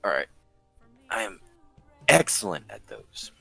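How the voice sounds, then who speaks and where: A very low-voiced man at a tabletop game, talking his character through a stealthy plan. He thinks aloud, stopping and restarting as he works it out. Faint music plays behind him. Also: sing-song, measured pace, gravelly, bright, forceful tone, breathy edge. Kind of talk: describing his character's actions in casual play.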